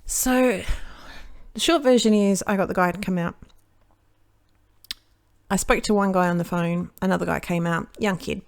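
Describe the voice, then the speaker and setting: A woman's voice: medium pitch, fairly even intonation, moderate pace, pauses often. An Australian woman chatting casually while she crafts, telling a long rambling story that keeps interrupting itself. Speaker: card-making crafter.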